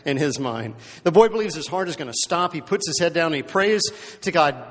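A man's voice: a little high, very animated, fast talker, fairly bright tone. A man preaching a sermon in a conversational storytelling way, often checking in with the listeners and repeating words as he goes. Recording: long hall reverb.

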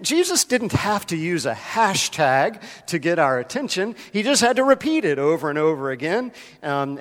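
A man preaching a sermon as pastor, talking casually and addressing members of the congregation by name. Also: on the high side. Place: church sanctuary. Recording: long hall reverb.

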